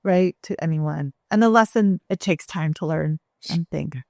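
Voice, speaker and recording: A woman's voice: low-pitched, moderate pace, gravelly, a little mellow. A woman hosting a podcast interview, asking questions and giving short affirming remarks in a casual manner. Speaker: podcast host.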